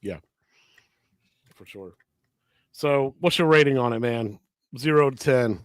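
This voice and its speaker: A man's voice: mid-range voice, measured pace, dry recording. A man with a mid-range voice co-hosts a casual show, voicing firm opinions and asking his partner questions. The recording is close and dry. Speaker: podcast co-host. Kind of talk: casual chat.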